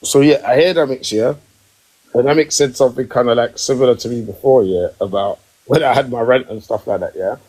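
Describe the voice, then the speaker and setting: A man hosting a podcast live stream from home, ranting emphatically in casual chat and rising in pitch when worked up. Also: a little fast, a little mellow, poor audio. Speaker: podcast host. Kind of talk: heated casual rant.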